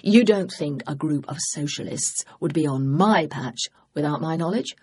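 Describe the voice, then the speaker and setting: A narrator voicing a jovial, blustering male police inspector who speaks in a mocking, booming way. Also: normal speed, darkish tone, slightly rough, close to an everyday voice.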